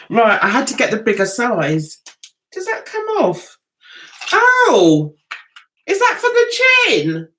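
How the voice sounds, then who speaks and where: A woman's voice: on the high side, huge pitch swings, slow, pauses often, fairly bright tone, slight background noise. A woman hosting a casual livestream, chatting to her viewers in a rambling, giggly way.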